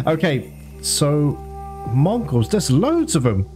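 A man commentating his own gameplay, excitable and prone to swearing and laughing. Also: fairly high pitch, moderate pace, soft background music. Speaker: gameplay streamer.

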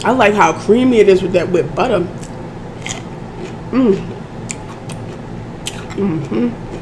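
A hoarse woman vlogger chatting casually to her viewers as she eats, often clearing her throat. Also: mid-range voice, animated, takes it slowly, noisy background. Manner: chatty, addresses audience as y'all, keeps clearing her throat. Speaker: mukbang vlogger. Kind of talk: casual eating chat to viewers.

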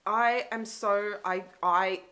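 A woman's voice: medium pitch, steady tone, slow pace, noisy background. A woman hosting a movie reaction, talking emotionally and exclaiming over what she sees. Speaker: host. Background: film audio and music.

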